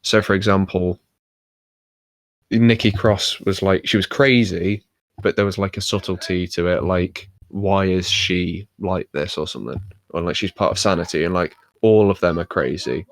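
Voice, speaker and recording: A man's voice: low voice, moderate pace. A man co-hosting a podcast, talking casually with lots of fillers as he rambles through his point. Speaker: podcast co-host. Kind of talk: casual chat.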